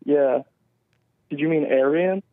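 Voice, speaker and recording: A man calling in to a show, speaking in a halting, informal way over the phone. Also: on the high side, dry recording. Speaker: caller. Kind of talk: phone-in call. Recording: tinny phone line.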